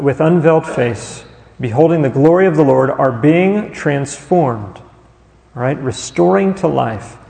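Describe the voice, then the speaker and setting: Male pastor, sermon delivery, fairly high gravelly voice, long church-hall reverb. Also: darkish tone. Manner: rhetorical questions, pauses on listed words.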